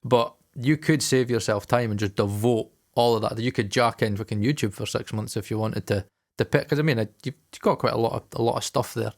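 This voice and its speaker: A man on a podcast, talking in a loose, chatty way, dropping swear words and voicing the people he quotes. His pitch sits in a middling range for a man. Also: steady tone, brisk, vocal fry. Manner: swears a lot and acts out quoted dialogue. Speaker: podcast co-host. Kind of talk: casual chat.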